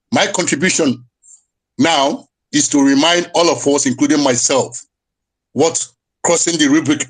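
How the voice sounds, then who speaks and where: A man giving an impassioned speech in an online audio room, fiery and rising to shouts, mocking his critics in put-on voices. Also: a little high. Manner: mocks others in quoted voices.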